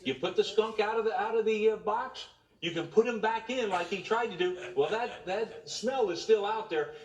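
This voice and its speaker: A man with a fairly high voice gives a heated, scolding fan rant, stumbling and repeating himself. The audio sounds roomy and echoey, as if he is some way from the microphone. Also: moderate pace, muffled recording. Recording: echoey and distant from the mic.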